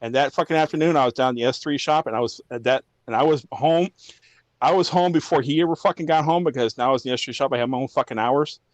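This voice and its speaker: A man's voice: medium pitch, quick pace, no echo, highs cut off. A man who is a former army drill sergeant, telling blunt, profane stories in a casual podcast chat.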